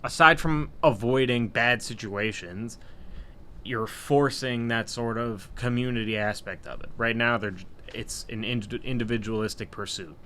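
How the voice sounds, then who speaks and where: A man's voice: mid-range voice, normal speed, sharp tone. A man co-hosting a casual sports podcast, giving opinionated takes at length. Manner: opinionated, argues points at length. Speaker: podcast co-host.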